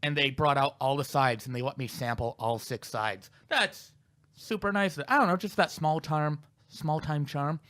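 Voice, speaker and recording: A man's voice: fairly high pitch, normal speed, a bit bright. A male comedian co-hosting a podcast, telling candid, self-deprecating stories in casual chat. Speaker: comedian co-host.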